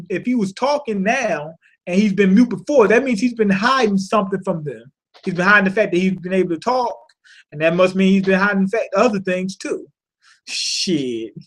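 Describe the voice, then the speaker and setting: A man giving a casual, profane recap of a comic chapter, rambling and laughing as he swears his way through the plot. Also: high voice. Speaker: manga reviewer.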